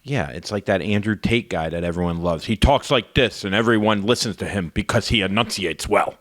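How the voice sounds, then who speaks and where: A man's voice: fairly low pitch, a little fast, a bit bright, dry recording, studio quality. A man from Florida, a regular on a podcast, joking around in casual chat. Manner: joking, loose.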